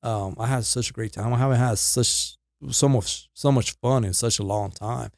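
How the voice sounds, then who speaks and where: A man's voice: medium pitch, steady tone, moderate pace, gravelly, no room sound, clean studio sound. A man co-hosting a podcast in casual chat, easygoing and agreeable. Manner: easygoing, agreeable with frequent yeahs. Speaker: podcast co-host.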